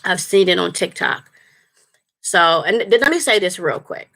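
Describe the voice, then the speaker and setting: A woman's voice: fairly low pitch, animated, moderate pace, gravelly, fairly bright tone. A woman, a spiritual life coach, talking casually and earnestly to her longtime viewers on a livestream, rambling with fillers and restarts.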